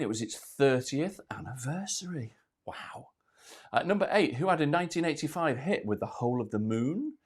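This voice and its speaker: Breathless man hosting a quiz. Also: medium pitch. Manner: chatty, self-deprecating, reads questions then answers. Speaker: quiz host. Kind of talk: live online pub-quiz hosting.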